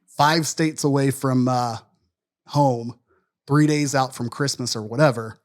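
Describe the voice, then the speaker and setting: Man from Wisconsin telling a story. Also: medium pitch. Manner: loose, profane, self-deprecating storyteller. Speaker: podcast co-host. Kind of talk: casual storytelling chat.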